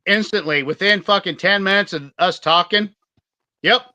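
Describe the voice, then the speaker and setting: A man with a high, bright voice tells rowdy, profanity-laced stories in a casual podcast chat. The sound is dry and close. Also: moderate pace, no echo. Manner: profane, storytelling, swears a lot. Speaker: podcast co-host.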